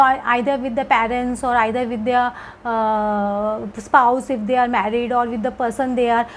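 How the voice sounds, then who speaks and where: A woman's voice: on the high side, slight background noise, rough recording. A woman giving a casual tarot card reading, hesitant and repetitive, with many fillers. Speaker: tarot reader.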